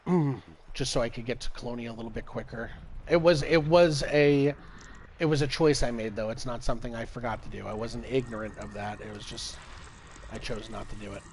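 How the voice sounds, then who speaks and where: A young man giving live commentary while playing a space game, swearing often and swinging between exasperation and excitement. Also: medium pitch, a little fast, a little hiss or hum. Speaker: game streamer.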